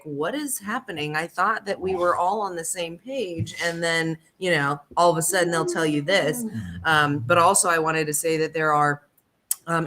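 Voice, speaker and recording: A woman's voice: deep voice, fairly bright tone. A woman speaking as a guest on a casual livestream, talking hesitantly with many "um"s and restarts. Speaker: panel guest.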